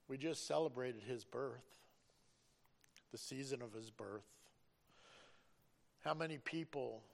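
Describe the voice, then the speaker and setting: A man's voice: medium pitch, creaky. A middle-aged man giving an earnest, preacherly personal testimony about driving a school bus.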